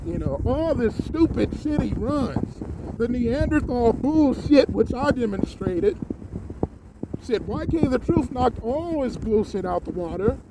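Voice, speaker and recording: A man delivering an angry, profane solo rant, yelling and repeating himself, recorded in his car on the highway. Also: sing-song, unhurried. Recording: road noise from a moving car. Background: vehicle noise.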